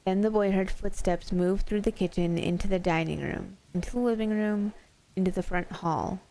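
Reading creepy tales to her live chat, this woman streamer speaks at medium pitch and a moderate pace in a mellow voice, with a slight hiss or hum in the recording. She keeps things casual and playful, laughing readily between stories.

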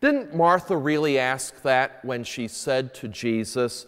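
A man's voice: mid-range voice, lively intonation, takes it slowly, few pauses, a bit bright, smooth. A man, a priest, reading the gospel and preaching a homily at Sunday mass, earnest and emphatic when he asks questions. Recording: echoey church with long reverb.

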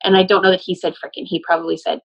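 A woman's voice: lowish voice, flat delivery, rapid-fire, gravelly, husky, muffled recording. Emphatic woman relaying spirit messages. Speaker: medium channeling a spirit. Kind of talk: casual spoken channeling session.

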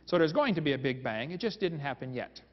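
A creation seminar speaker with a slightly high, very animated voice keeps up a quick pace, peppering his live audience with quips in a homespun, humorous lecture. The recording is dull and echoey, made in a hall.

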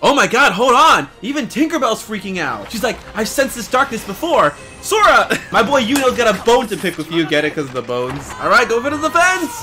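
A young man reacting to an anime episode out loud, excitable and slangy, shouting and laughing at the screen. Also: sits high, fairly quick, few pauses, faint music behind. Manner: slangy casual talk. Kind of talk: live reaction commentary.

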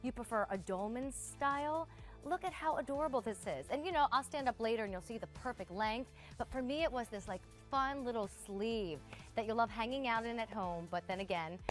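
A woman in her thirties hosting a live TV shopping show, chatty and gushing as she talks straight to viewers. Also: on the high side. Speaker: shopping channel host. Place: TV studio.

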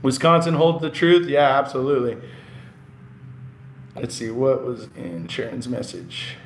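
A man's voice: medium pitch, very animated, measured pace, slight background noise. A man hosting a casual live stream, reading chat messages, laughing often and getting passionate when he rants. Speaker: livestream host. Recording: roomy echo.

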